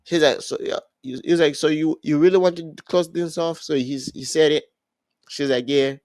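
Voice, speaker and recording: A young man hosting a podcast, casually recapping a reality show and acting out what people said, with many halting restarts. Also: fairly high pitch, no room sound. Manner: animated storyteller, acts out quotes, halting restarts. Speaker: podcast host.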